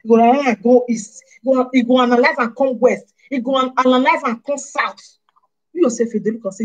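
Husky woman with a Nigerian Pidgin accent. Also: on the high side, quick pace, poor audio. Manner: animated, scolding, rhetorical questions. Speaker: vlogger. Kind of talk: casual monologue to camera.

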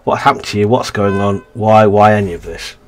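A man's voice: on the low side, brisk, slight background noise. A man casually reading a narrative game's text aloud and commenting, often stumbling and correcting himself. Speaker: let's-play gamer.

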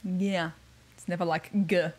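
Woman streamer, unhurried, husky, giggly, casual game-stream chat. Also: fairly low pitch, little pitch movement, a little mellow. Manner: giggly, playful. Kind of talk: casual livestream chat while playing a video game.

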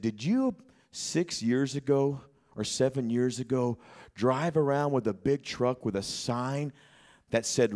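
A man preaching a sermon in church, telling a story quietly, then rising to shouts. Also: medium pitch. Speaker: pastor. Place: church sanctuary.

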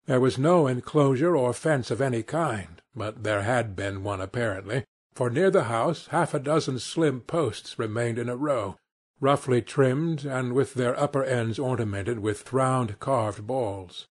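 A man reading an adventure novel aloud as an audiobook, with measured, expressive storytelling. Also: medium pitch, breathy edge. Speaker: audiobook narrator. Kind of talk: scripted audiobook narration.

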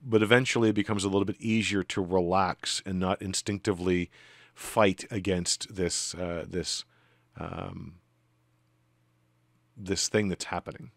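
Low-voiced man running a tabletop game. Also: vocal fry, no room sound. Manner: rambling, with many ums and restarts. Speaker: game master.

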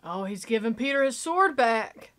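Woman reaction host, lively swooping delivery, chatty and gushing. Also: on the high side, moderate pace, background noise. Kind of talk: casual reaction commentary.

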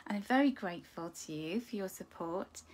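A woman's voice: medium pitch, lively intonation, fairly quick, husky. A woman hosting a live card-reading stream, chatting to viewers and greeting them fondly with endearments. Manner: chatty, with light laughs. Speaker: angel card reader and host.

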